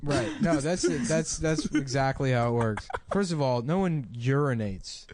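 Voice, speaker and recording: A man's voice: medium pitch, lively intonation, moderate pace, a little mellow. A young man co-hosting a comedy podcast, rambling through a story with restarts. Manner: rambling, trails off and restarts, laughs at his own stories. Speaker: podcast co-host. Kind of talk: casual comedy chat.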